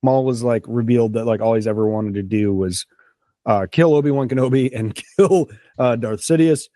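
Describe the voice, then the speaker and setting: A man's voice: medium pitch, moderate pace, mellow, no room sound. A man hosting a casual podcast chat, rambling with enthusiasm and lots of fillers. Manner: chewing a snack while talking. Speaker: podcast host.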